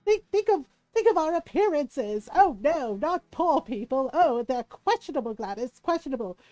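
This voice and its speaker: A woman putting on a loud, old-fashioned mid-Atlantic drawl to play a snobbish, fussy, appalled posh lady. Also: sits high, very animated, normal speed, no echo, poor audio. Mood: haughty. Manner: loud, haughty, clutching pearls.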